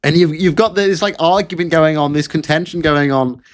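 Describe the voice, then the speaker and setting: A man's voice: a little high, normal speed. Sarcastic man ranting. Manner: sarcastic, mocking, repeats phrases for effect. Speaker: political commentator. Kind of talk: casual ranting commentary.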